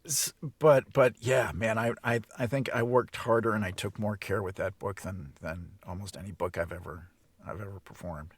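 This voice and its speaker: A man's voice: fairly low pitch, fairly even intonation, moderate pace, slightly rough, dry recording. A middle-aged man from the Chicago area, an audiobook narrator, speaking in a standard American accent and chatting casually in an interview, often stumbling and repeating words as he starts sentences. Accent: none; standard American English. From Chicago area, USA.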